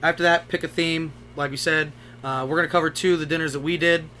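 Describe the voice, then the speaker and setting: A man's voice: a little high, steady tone, fast talker, bright, forceful tone, slight background noise. A young man co-hosting a podcast, telling stories in a loose, profane way. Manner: loose, profane storytelling with laughs. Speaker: podcast co-host. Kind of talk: casual chat.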